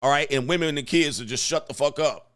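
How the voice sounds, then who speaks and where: Profane, animated man hosting commentary. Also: on the high side, a little fast. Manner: profane, animated, acts out quotes. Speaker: host. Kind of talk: commentary vlog.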